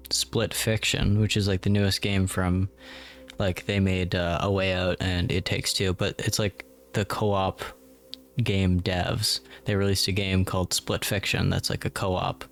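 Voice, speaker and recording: A young adult man co-hosting a casual chat, relaxed and hesitant, with frequent fillers. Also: fairly low pitch. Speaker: co-host.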